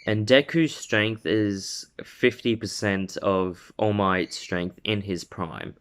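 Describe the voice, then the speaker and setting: A man's voice: lowish voice, slow pace, fairly bright tone, clean tone. A young man casually telling a made-up story from his room at home, rambling with lots of fillers and self-corrections. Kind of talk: casual spoken fan story.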